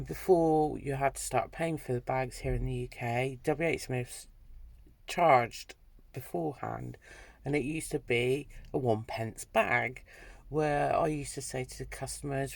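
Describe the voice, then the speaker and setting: A woman with a broad Dorset accent talks slowly and chattily, her voice gravelly with fry. She fills her heartfelt thanks with ums and restarts. The sound is close and dry. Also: low voice, a little mellow, no echo. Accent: Dorset English. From Dorset, England. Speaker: craft vlogger. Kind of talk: casual chat to camera.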